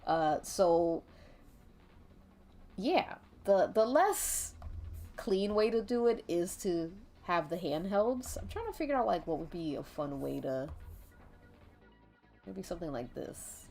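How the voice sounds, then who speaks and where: A woman's voice: on the low side, expressive, takes it slowly, creaky, pauses often, dark tone. A woman streaming while she draws, chatting in a rambling, giggly way and swearing casually. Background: faint background music.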